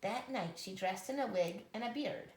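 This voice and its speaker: A woman reading a children's story aloud at a steady read-aloud pace. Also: mid-range voice, moderate pace, reverberant. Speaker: storybook reader.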